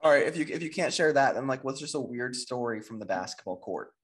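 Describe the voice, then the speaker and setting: Lively young man podcast host. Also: mid-range voice, fast talker. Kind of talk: casual podcast chat.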